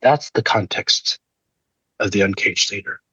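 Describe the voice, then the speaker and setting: Husky low-voiced man giving earnest inspirational talk. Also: measured pace, pushed and bright, no echo. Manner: earnest, preacher-like delivery. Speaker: leadership speaker. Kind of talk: inspirational keynote storytelling. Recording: dull lo-fi dry recording.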